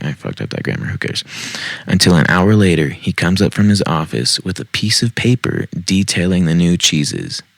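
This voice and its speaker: A man's voice: low-pitched, gravelly, no room sound. A man hosting a podcast, casually reading online posts aloud with joking, self-mocking asides. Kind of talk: casual read-aloud storytelling. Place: home basement.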